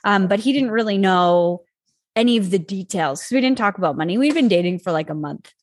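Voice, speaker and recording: Candid woman telling a personal story. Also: a little fast. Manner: animated, acts out quoted dialogue with pitch jumps. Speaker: guest, author.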